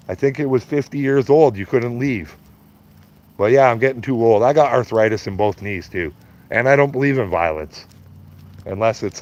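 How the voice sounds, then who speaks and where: A man's medium-pitched, darkish voice comes through slightly dull, lo-fi stream audio. He's a Canadian in his fifties ranting live, blunt and foul-mouthed, laughing at his own jokes while mocking his critics.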